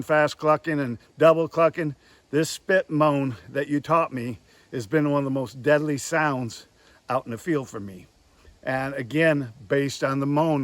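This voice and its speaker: A man giving a hands-on lesson on goose calling, speaking plainly and pausing to demonstrate calls. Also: medium pitch, no echo. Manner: plain-spoken, demonstrates calls between explanations. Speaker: goose call instructor.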